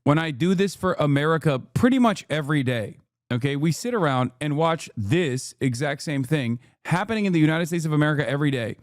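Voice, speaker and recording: A man streaming, reacting to a video in a sarcastic, profane rant that comes in rapid bursts. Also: a little high, animated, no room sound, clean studio sound. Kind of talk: casual livestream rant. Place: studio in the United States.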